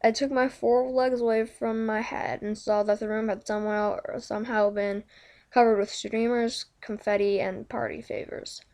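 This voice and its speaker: Woman, fanfiction reading, first-person narration, gravelly fry, stumbling, self-correcting. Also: fairly high pitch, little pitch movement, normal speed, a little mellow. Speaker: fanfiction reader. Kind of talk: reading a fanfiction story aloud.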